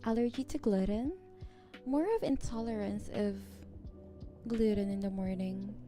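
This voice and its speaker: A woman streamer talking softly with her viewers in a giggly ASMR chat. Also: medium pitch, fairly even intonation, unhurried. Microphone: close ASMR microphone. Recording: clear background music underneath. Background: background music.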